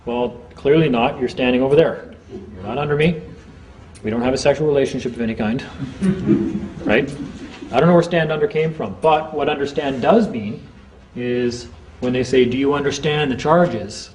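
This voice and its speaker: A man giving an informal seminar talk to a small group, chatty, acting out courtroom exchanges in quick quoted voices. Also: mid-range voice, a little mellow, slight background noise, rough recording. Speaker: seminar speaker.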